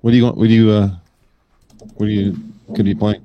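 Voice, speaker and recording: A man's voice: lowish voice, flat delivery, a little fast, lo-fi sound, a little hiss or hum. A man in a casual group chat, rambling and listing things off.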